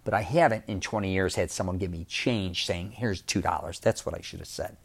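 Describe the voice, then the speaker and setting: A man from Chicago with a Chicago accent, hosting a podcast and telling a personal story in a casual, animated way, repeating words for emphasis. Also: sits low, fairly quick, creaky. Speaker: podcast host.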